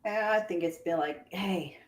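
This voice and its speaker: A woman's voice: medium pitch, animated. Female co-host, teasing and playful, easy casual banter. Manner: teasing, playful, quick with jokes. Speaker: co-host of a trial watch show. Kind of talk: casual chat.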